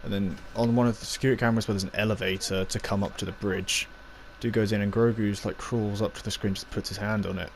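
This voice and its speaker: A man with a fairly low voice talks through a review in a loose, rambling way. He recaps scenes, acts out bits of dialogue and trips over fillers. A faint hiss of noise sits under the recording. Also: flat delivery, fast, vocal fry, hardly any pauses. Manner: rambling, full of fillers and acted-out quotes.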